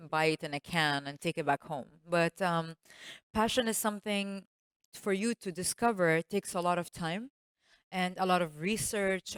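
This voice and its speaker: A woman's voice: lowish voice, no room sound. Woman on a panel, chatty storyteller, dry close sound. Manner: storytelling, animated, laughs often. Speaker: entrepreneur and panelist. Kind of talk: panel talk.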